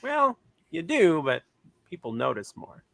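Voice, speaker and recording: A man co-hosting a casual podcast who jumps in with quick jokes and asides. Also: on the high side, wildly swooping pitch, vocal fry, fairly bright tone, no echo. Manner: joking, quick interjections. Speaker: podcast co-host.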